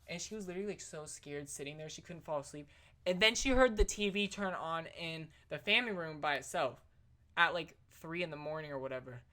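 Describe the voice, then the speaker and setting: Low, bright-voiced young woman vlogger. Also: brisk. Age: young adult. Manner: chatty and slangy, full of "like" and "literally". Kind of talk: casual storytelling vlog.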